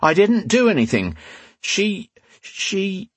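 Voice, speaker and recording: Man playing a smug young nobleman, mock-polite, teasing, fantasy audiobook, a bit husky. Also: mid-range voice, big pitch swings, normal speed, dry recording, pitched above the performer's own voice. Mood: alarmed.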